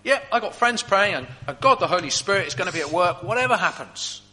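Man voicing a buoyant, unshaken chained prisoner-apostle in a sermon skit; bright and animated, hall echo. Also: high-pitched, fast, voice pushed up. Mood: confident. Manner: upbeat, confident. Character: cheerful chained old apostle Paul.

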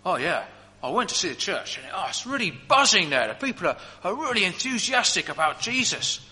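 A preacher voicing an eager, nosy Roman jail guard in a sermon skit; lively, fairly high and bright, ringing hall. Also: male voice, a little fast, heavily acted. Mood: curious. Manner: eager, chatty questioning. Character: curious male Roman prison guard.

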